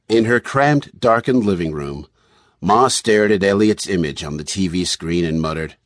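A man's voice: sits low, animated, normal speed, no echo, clean studio sound. A man reading a novel aloud as audiobook narrator, telling the story expressively. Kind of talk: scripted narration.

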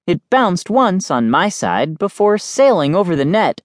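A man's voice: fairly high pitch, very animated, moderate pace, hardly any pauses, no room sound, clean studio sound. A man narrating a children's storybook in the first person, in a playful, jokey kid-like voice. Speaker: audiobook narrator. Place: studio. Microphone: close studio mic.

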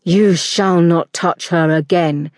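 A woman voicing a young man in an audiobook, slow, firm and controlled, speaking with quiet authority. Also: on the low side, fairly even intonation, dry recording, clean studio sound. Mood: commanding. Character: commanding young man, calm and protective.

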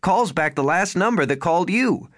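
A man voices a worried young husband who speaks bluntly, pitching his voice higher than his own natural one. The delivery is tense, with lively intonation, a moderate pace, and a fairly bright tone, recorded clean in a studio with no room sound.

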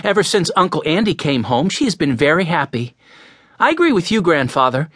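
A male audiobook narrator voicing a sensible young girl who speaks brightly and earnestly. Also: a little high, big pitch swings, a little fast, dry recording, studio quality. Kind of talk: audiobook character voice.

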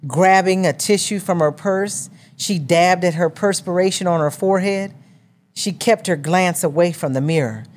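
A woman reading a novel as an audiobook narrator in a measured storytelling manner. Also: on the low side, darkish tone.

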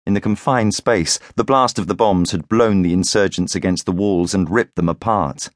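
A deep-voiced man narrates an audiobook from a script at a moderate pace, recorded with studio quality and no room sound.

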